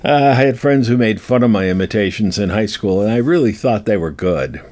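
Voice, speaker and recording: A man's voice: lowish voice, animated, brisk, a little mellow. A man chatting casually to his viewers as a vlogger, self-mocking and rambling, chuckling often. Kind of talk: casual chat to camera.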